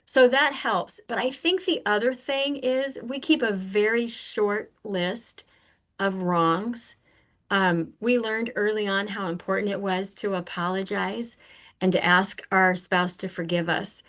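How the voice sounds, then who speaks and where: An older woman who is a podcast guest, telling earnest personal stories in a candid, animated conversational way. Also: medium pitch, a little slow. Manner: earnest, animated, acts out remembered exchanges.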